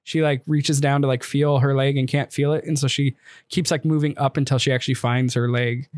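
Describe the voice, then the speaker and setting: A man's voice: medium pitch, level tone, brisk, darkish tone, no echo, clean studio sound. A man casually recapping a film, easygoing and full of fillers, laughing often. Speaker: podcast co-host recapping a film. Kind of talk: casual chat.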